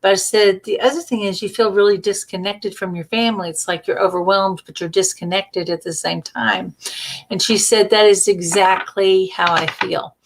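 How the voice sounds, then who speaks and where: A woman, an intuitive reader, telling a story casually on a livestream, chatty, with frequent fillers and self-corrections. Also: moderate pace. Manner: chatty, acts out quoted dialogue with lively jumps in pitch. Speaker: intuitive reader and energy healer.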